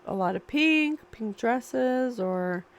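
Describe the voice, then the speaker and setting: A woman's voice: on the high side, expressive, slow, clean tone. A woman channeling a spiritual reading, musing and questioning aloud as she asks spirit for answers. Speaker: psychic reader.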